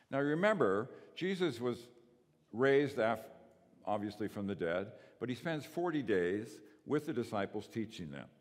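Guy giving a sermon, animated pitch, loud then soft, lots of hall echo. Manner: emphatic, rises and drops in volume, rhetorical questions. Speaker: pastor. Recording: long reverb of a large hall.

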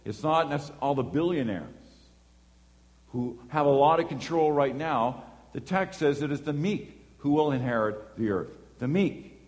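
A preacher delivers a sermon with an animated storytelling manner, acting out dialogue as he goes. His voice rings out in a hall with a long, lingering reverb. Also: on the high side, a little slow. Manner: animated storytelling, acts out voices and horn beeps.

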